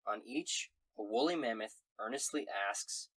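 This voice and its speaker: Husky-voiced man narrating as game master. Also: fairly low pitch, expressive, a little slow, fairly bright tone, dry recording. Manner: jokey, giggly narration.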